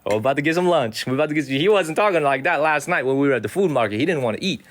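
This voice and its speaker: Excitable streamer man, street livestream. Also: on the high side, very fast. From Chicago, USA. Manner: excitable, repetitive, tacks "man" onto sentences. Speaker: livestream host. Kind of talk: casual walking livestream. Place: outdoors on city streets.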